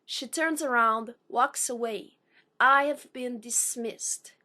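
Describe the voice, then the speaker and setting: A woman's voice: fairly high pitch, takes it slowly, bright, forceful tone. A woman performing a spoken-word poem with an intense, emphatic delivery. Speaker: poet.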